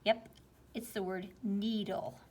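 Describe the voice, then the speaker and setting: A woman's voice: mid-range voice, fairly even intonation, darkish tone, slight background noise. Patient woman teaching a spelling lesson. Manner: slow, patient, explaining step by step.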